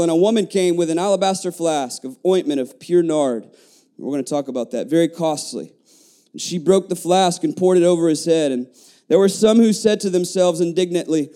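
A man's voice: a little high, fairly quick, clean tone. A middle-aged man from the United States, preaching a sermon in a church and stopping to restart his phrases. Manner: animated preaching with repeated restarts and call-and-response asides. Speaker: pastor. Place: church sanctuary.

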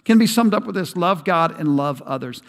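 A middle-aged man preaches from the pulpit with emphatic, animated delivery and homey asides. His voice sits a little high for a man. A long reverb from the big sanctuary trails behind every phrase. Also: normal speed. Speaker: pastor. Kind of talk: sermon. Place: large church sanctuary.

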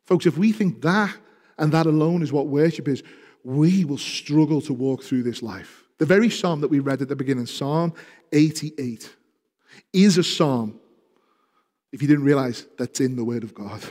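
A man preaching a sermon, speaking with passion and growing loud when he reads scripture aloud. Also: on the high side, moderate pace. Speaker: pastor. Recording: reverberant hall.

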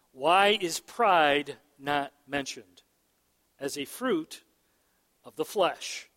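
A man preaching a sermon in a large church hall, his voice high and his delivery slow and deliberate. He keeps asking the congregation whether they follow him. His words ring out with a long reverb. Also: fairly bright tone. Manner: emphatic, asks the room for agreement. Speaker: pastor. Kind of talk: sermon answering questions.

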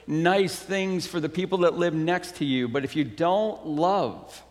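A male pastor with a high voice preaches at a slow pace, then reads a story aloud in an expressive, swinging way. His voice carries through a church hall with a long echo. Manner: unhurried, expressive storytelling with wide pitch swings. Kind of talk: sermon with a story read aloud.

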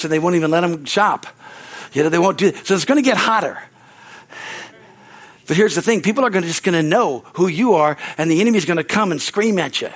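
A man preaching as pastor, rambling and repeating words, often calling out amen. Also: sits high. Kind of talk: sermon.

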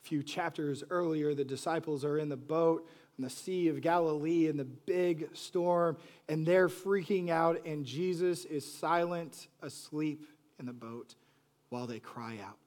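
A man preaching a sermon, moving between hushed, soft lines and loud, animated bursts, and acting out pleading voices. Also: a little high, unhurried. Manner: acts out quoted voices with pleading repetition. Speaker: pastor.

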